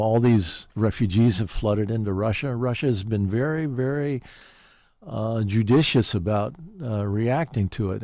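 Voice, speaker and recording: A man's voice: fairly low pitch, dark tone, dry recording. A man giving an interview, talking urgently, with emphatic repetitions and frequent fillers. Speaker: interview guest, peace activist. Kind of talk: earnest conversational interview.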